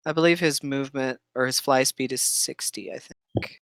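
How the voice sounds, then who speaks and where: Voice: medium pitch, steady tone, normal speed, a bit bright, no room sound. A game master running a tabletop game, patiently checking rules aloud between bits of narration.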